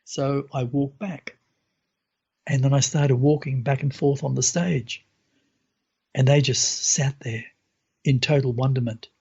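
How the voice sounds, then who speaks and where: A man tells his story in a relaxed, meandering way, pausing on fillers and acting out what others said. His voice is husky, and the recording sounds muffled and lo-fi. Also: medium pitch. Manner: animated retelling, hesitant with fillers, voices others in quotes. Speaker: guest sharing spiritual experiences. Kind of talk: casual storytelling.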